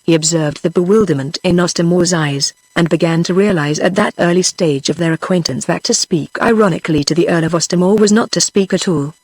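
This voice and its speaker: A text-to-speech voice of a woman with a British English accent, narrating a historical novel in an even, steady way. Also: on the low side, a little fast, few pauses, no room sound, rough recording. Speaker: audiobook narrator. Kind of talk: synthetic audiobook narration.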